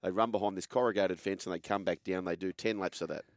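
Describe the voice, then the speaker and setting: An Australian man hosting a sports chat, telling stories in a relaxed, animated way. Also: sits low, fast talker, no echo, studio quality. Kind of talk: casual chat, storytelling.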